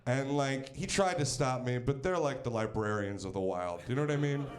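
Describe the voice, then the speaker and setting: A man's voice: medium pitch, moderate pace. A man from Pennsylvania doing a stand-up comedy set with a punchy, wry storytelling delivery. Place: comedy stage.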